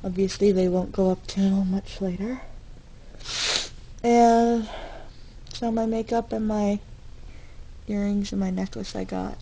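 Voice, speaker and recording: Slow, gravelly young woman vlogging. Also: medium pitch, fairly even intonation, mellow, a little hiss or hum, poor audio. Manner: rambling and candid, with frequent fillers and self-corrections. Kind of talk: casual video diary. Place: dorm room.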